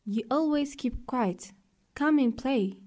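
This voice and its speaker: A woman's voice: sits high, slow pace, mellow, voice pushed up. A woman voicing a playful, coaxing cat. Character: playful friendly cat inviting others to play.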